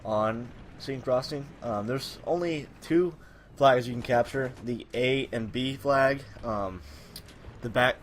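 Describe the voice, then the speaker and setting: A man giving casual gameplay commentary while he has a cold, his voice a little raspy, rambling with many fillers and corrections. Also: medium pitch, slow, slight background noise. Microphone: personal microphone.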